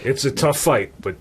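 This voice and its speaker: A man's voice: mid-range voice, slightly rough. A man co-hosting a podcast in casual chat, laid-back and profane. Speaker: podcast co-host.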